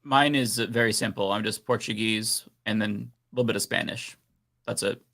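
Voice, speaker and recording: Bright-voiced man, stumbling and self-deprecating. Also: on the low side, fairly even intonation, brisk, vocal fry. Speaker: co-host. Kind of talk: casual panel chat.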